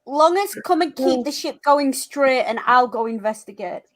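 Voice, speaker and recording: A woman's voice: sits high, lively intonation, moderate pace, a crowd in the background. A woman playing a tabletop game, casual and upbeat. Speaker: player.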